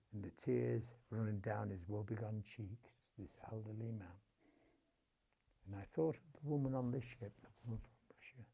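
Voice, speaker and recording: A man's voice: mid-range voice, highs cut off. An older man from Manchester, England, telling a family story as an interview guest, emotional, swinging between whispers and urgent outbursts. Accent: Manchester English. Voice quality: gravelly, husky.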